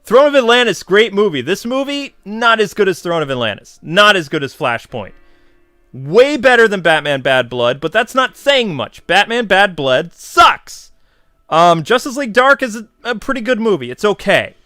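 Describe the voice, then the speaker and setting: A man talking through a film review in a casual, slangy way. His voice sits a bit high and sounds bright and forceful, and he often turns animated and exasperated. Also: normal speed, dry recording, studio quality, soft background music.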